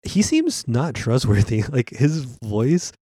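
A man's voice: medium pitch, wildly swooping pitch, slow pace, mellow, husky, no room sound, studio quality. Rambling man chatting on a podcast. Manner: rambling, many "like" fillers. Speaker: podcast co-host. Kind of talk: casual chat.

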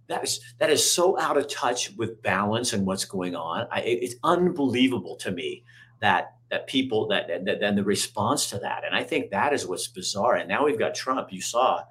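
A man hosting a casual political chat, telling stories in an animated, emphatic way. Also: medium pitch. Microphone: camera on a video call.

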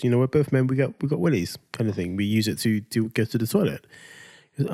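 A man's voice: medium pitch, lively intonation, quick pace, gravelly, mellow, dry recording, clean studio sound. A man telling a family story on a podcast. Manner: playful storytelling, acts out his son's lines. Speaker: podcast co-host. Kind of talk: casual chat.

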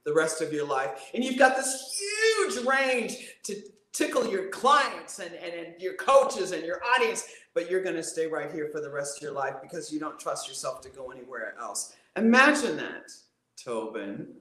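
A woman's voice: moderate pace, reverberant. A woman voice coach talking expressively as an interview guest, demonstrating with her voice. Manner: expressive, demonstrative, big pitch swings. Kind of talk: animated interview talk.

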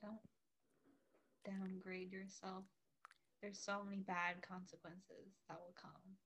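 A woman's voice: medium pitch, flat delivery, slow pace, fairly bright tone, slight background noise. Earnest young woman, full of "like". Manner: hesitant, lots of "like" and "um", earnest. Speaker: podcast guest. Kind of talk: casual podcast chat.

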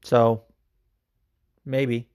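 A man's voice: mid-range voice, level tone, drawn-out words, darkish tone, clean tone. Rambling male podcast host. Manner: rambling, laughs often, many fillers. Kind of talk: casual chat.

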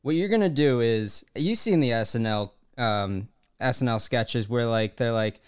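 A man's voice: mid-range voice, normal speed, hardly any pauses, clear, resonant tone. A man co-hosting a casual comedy podcast, talking playfully and often acting out what other people might say. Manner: playful, slips into quoted character voices. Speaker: podcast co-host.

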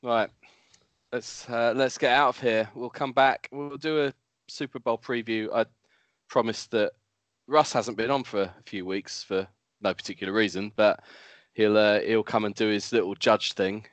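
A man with a fairly low voice hosts a casual podcast and wanders from topic to topic as he talks. His close mic gives a very dry sound. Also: fairly even intonation, normal speed, dry recording. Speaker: podcast host.

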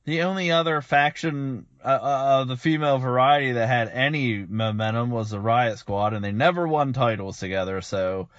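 A man co-hosting a podcast, recapping matches in a measured, casual way. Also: medium pitch, a bit bright, dry recording, highs cut off. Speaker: podcast co-host. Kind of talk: casual chat.

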